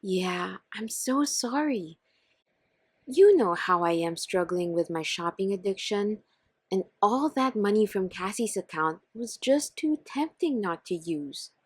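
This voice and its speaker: Remorseful wife, pleading, breathy and slow, as a woman voices her. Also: medium pitch, lively intonation, dry recording, clean studio sound. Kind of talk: scripted text-story narration.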